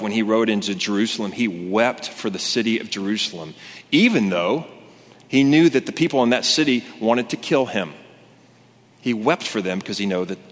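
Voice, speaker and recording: Guy preaching in a church, kinda low voice, loose and chatty, big hall echo. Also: a bit bright. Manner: conversational and earnest, with many fillers and restarts. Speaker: pastor. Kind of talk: sermon. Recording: long hall reverb.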